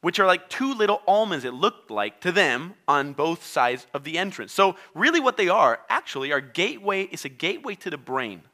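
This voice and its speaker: A man's voice: high-pitched, very animated, moderate pace, hardly any pauses, sharp tone. A man preaching a sermon, a native Spanish speaker who acts out voices and quotes as he talks. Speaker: pastor.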